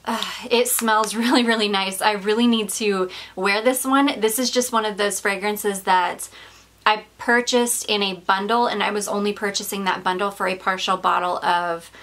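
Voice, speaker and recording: A woman's voice: mid-range voice, fairly even intonation, moderate pace, fairly bright tone. A woman with a mid-range voice chats her way through a perfume review, slightly out of breath. She gushes and rambles, full of "like" and "um" and small laughs. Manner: rambling, gushing, with frequent fillers and little laughs. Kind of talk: casual chatty vlog.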